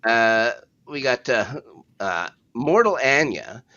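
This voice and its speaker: A man's voice: medium pitch, sing-song, takes it slowly, bright, forceful tone, no echo. Laid-back man recapping, dry lo-fi sound. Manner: laid-back, chuckling, rambling with frequent hesitations. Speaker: podcast co-host. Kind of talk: casual episode recap chat.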